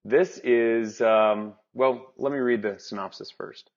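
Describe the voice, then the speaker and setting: A man's voice: mid-range voice, steady tone, slow. Rambling man reviewing movies, lo-fi. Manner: rambling, self-interrupting, laughs often. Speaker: podcast co-host. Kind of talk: casual movie review chat. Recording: dull lo-fi podcast audio.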